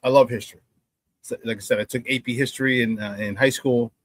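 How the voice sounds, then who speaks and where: A middle-aged man hosting a sports talk show, telling stories with animated energy and acting out the banter he remembers. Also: mid-range voice, fast talker, no echo. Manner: animated storyteller, acts out quoted banter loudly, laughs often.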